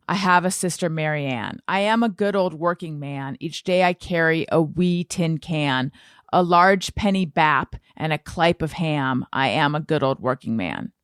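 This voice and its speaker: A woman's voice: sits low, a bit bright, no echo. A woman co-hosting a podcast in a studio, chatting casually and teasingly, sometimes half-singing lines of a song. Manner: playful, teasing, sings snatches of song. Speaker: podcast co-host. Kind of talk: casual chat.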